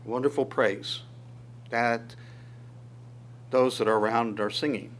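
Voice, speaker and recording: A man's voice: medium pitch, slow, slight background noise. A man preaching a sermon verse by verse, asking rhetorical questions and chuckling now and then. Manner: animated, voices God's words in quotes, asks rhetorical questions, chuckles. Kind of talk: sermon teaching through Psalms.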